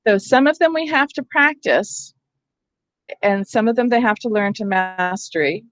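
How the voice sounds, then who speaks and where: Woman trainer, mid pitch, conversational explainer, dry close sound. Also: moderate pace, fairly bright tone, no echo. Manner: explanatory, conversational, checks in with "right?". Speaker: literacy trainer. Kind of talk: teacher training session.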